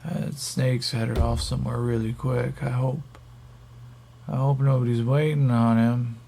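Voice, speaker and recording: A man's voice: mid-range voice, little pitch movement, a little slow, gravelly, warm tone, slight background noise. A man voicing a drugged, dazed male captive who talks in a goofy, drawling way.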